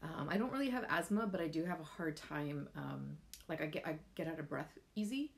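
A woman's voice: deep voice, animated, fairly quick, creaky. A woman, chatting casually and heartfelt in a rambling way with lots of fillers. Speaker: vlogger sharing essential oil tips. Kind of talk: casual chat to camera.

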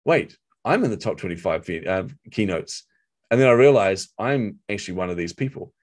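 A middle-aged man with a New Zealand accent, an interview guest telling animated stories and acting out quotes. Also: sits low, a little fast. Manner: animated storyteller, acts out quotes. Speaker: guest, marketing coach. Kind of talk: storytelling interview chat.

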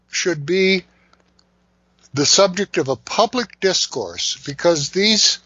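An older man speaks with deliberate, indignant emphasis, his voice sitting a little high. The sound is dull and dry, with little room around it. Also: fairly bright tone, dry recording. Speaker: beekeeper guest. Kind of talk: forceful interview commentary. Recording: muffled dry remote line.

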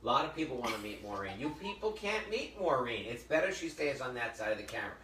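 A man hosting a casual cooking show, joking and telling stories in a chatty, animated way. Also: mid-range voice, fast, background noise. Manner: chatty, jokey, animated storyteller. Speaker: host of a live cooking show. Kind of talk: casual storytelling chat. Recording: echoey room, mic at a distance.

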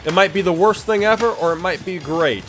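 A young man hosting a gaming video, commenting as he plays and often sliding from muttered complaints into yelled outbursts of frustration. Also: sits high, fairly quick, soft background music. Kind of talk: let's play commentary.

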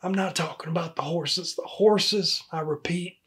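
A man's voice: a little high, normal speed, fairly bright tone, natural voice. A man plays a weary human resources supervisor scolding an employee in a comedy sketch. He talks in a dry, pointed way and keeps repeating the employee's name. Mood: exasperated. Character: exasperated male HR supervisor.

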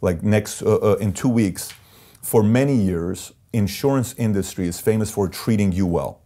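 Guy with a deep dark voice telling business stories in an interview, pretty intense. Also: moderate pace. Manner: intense, emphatic, acts out quoted voices. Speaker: interview guest, company CEO. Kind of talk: storytelling in a sit-down interview.

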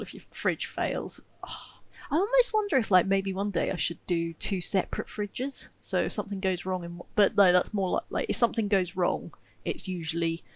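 A woman talks through her gameplay in a casual, wry, self-mocking way, now and then breaking into an excited yelp. Her voice has a slight gravelly rasp. The recording is close and dry, with no room sound. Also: fairly low pitch, no echo, rough recording. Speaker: game streamer commentating.

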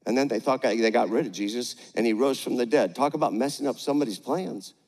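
An older man preaching a sermon on stage, energetic with the crowd and gentle with a child. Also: medium pitch, fast. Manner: energetic, rallies the crowd with call-outs; gentle and playful when talking to a child. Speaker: pastor. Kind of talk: sermon with a live demonstration. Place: large church auditorium, on stage. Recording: echoey large church hall.

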